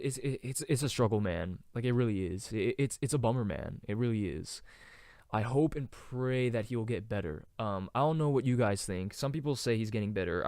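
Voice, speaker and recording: A young man hosting a casual solo podcast, rambling with many fillers and now and then trying out falsetto singing. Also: a little mellow, smooth, dry recording, clean studio sound. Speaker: podcast host.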